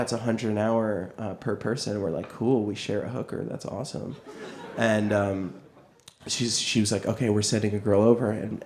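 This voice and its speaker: A young man doing stand-up, telling a story on stage, animated, jumping between quoted voices and laughing through his lines. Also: high voice. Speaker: stand-up comedian. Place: comedy club stage with audience.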